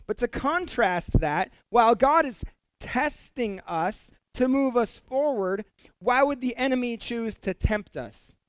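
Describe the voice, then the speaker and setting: A man's voice: very high-pitched, lively intonation, a little slow, no room sound. A middle-aged male pastor preaching a sermon in a conversational way, with fillers and repeated words, rising to emphatic peaks.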